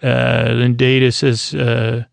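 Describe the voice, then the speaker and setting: A man hosting a sleep podcast, retelling an episode in a halting, meandering way full of filler pauses. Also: medium pitch, completely flat delivery, vocal fry, no echo. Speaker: podcast host.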